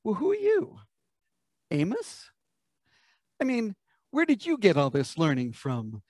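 A haughty priest waves away an unwelcome prophet with open scorn, as a preacher acts him out. The voice sits fairly high. The sound is dry and close. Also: male voice, wildly swooping pitch, measured pace, darkish tone, dry recording, exaggerated voice. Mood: scornful. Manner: scornful, dismissive. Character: dismissive ancient priest, scornful male.

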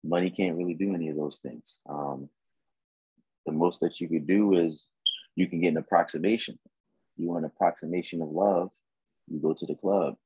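Very deep, husky man guest. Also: moderate pace, no room sound. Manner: relaxed, reflective, with many fillers. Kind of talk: casual chat. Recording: dull, dry close recording.

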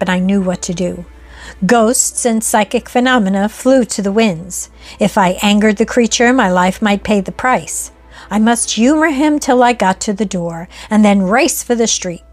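A woman reading a Victorian ghost story aloud in an earnest, measured first-person narration. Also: medium pitch, no echo.

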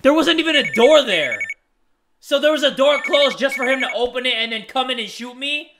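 Jumpy, high-voiced man playing a horror game. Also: lively intonation, fairly quick, background noise. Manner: jumpy, swears and yelps at scares, joking to viewers. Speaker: gaming YouTuber. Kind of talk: horror game let's play commentary.

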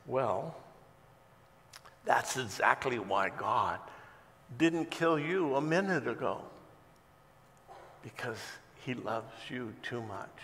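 A male pastor voicing a gentle, soft-spoken woman in her seventies, with echo from a big church hall. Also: on the high side, sing-song, normal speed, pitched above the performer's own voice.

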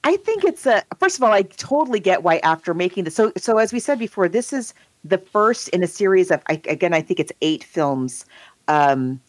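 Low-voiced chatty woman podcaster. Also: dry recording. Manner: chatty, enthusiastic, voices quoted people playfully. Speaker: podcast co-host. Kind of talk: casual chat.

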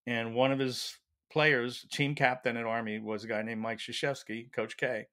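A man who is a leadership professor, a guest in an interview, telling stories in an animated way and acting out quotes. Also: medium pitch, normal speed. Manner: animated storyteller, acts out quotes. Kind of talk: storytelling interview answer.

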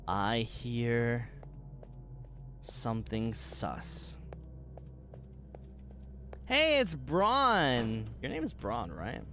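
Excitable man streamer with a swooping voice. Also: extremely slow, long pauses, slight background noise. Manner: excitable, swears, jumps to sudden high shouts and laughter. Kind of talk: gaming livestream commentary.

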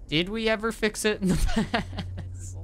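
A woman streamer chatting casually while playing a multiplayer game, soft-spoken, laughing often and trailing off. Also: mid-range voice, measured pace, a little hiss or hum. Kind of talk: casual gaming chat.

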